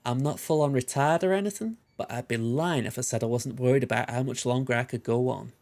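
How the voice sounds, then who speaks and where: A man's voice: medium pitch, brisk, a little mellow, lightly acted. A man voicing a proud, independent veteran male delivery porter in a put-on, folksy accent, reading game dialogue. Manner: folksy, plain-spoken drawl.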